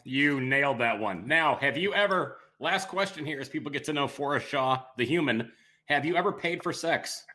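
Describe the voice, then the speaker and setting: A man hosting a casual interview over drinks, firing off dry jokes and quick quips. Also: a little high, animated, pushed and bright. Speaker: host.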